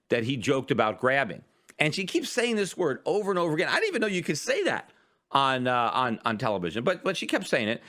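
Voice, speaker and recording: Bright-voiced man arguing a point. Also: a little high. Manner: animated, argumentative, rhetorical questions. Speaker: podcast host. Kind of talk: opinion monologue.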